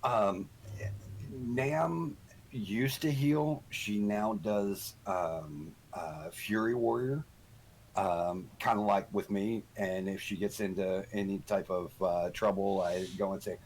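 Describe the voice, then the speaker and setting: Slow, rambling middle-aged man. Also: lowish voice, a little mellow, low-quality recording. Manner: rambling storyteller with many ums. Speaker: podcast guest. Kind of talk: casual chat.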